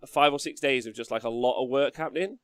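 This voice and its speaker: A man hosting a casual livestream podcast, chatty and quick to laugh as he reads the chat aloud. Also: medium pitch, a bit bright, smooth, no room sound, studio quality. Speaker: podcast host.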